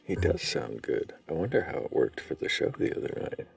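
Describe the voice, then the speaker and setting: A man hosting a live talk show in a gracious, measured way. His voice is extremely deep and heavily gravelly, with a wide, lively melody. He sounds distant from the mic. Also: no echo. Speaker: host.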